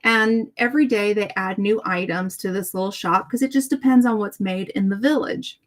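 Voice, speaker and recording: A middle-aged woman hosting a casual chat, telling a story and acting out the dialogue in lively voices. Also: mid-range voice, moderate pace. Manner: chatty and animated, acts out dialogue with shifts in tone. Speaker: host.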